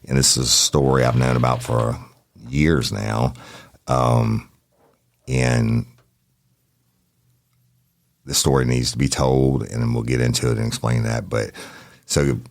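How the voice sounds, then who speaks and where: Very deep, gravelly-voiced man hosting a podcast. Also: expressive, a little slow, long pauses, dry recording, studio quality. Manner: blunt, folksy, swears casually. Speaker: podcast host. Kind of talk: true crime podcast interview. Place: studio.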